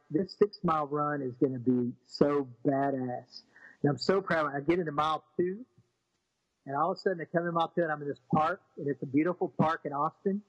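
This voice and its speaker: Animated man telling a story. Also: on the high side, dry recording, lo-fi sound. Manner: animated, repeats words, acts out quotes. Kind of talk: personal storytelling talk.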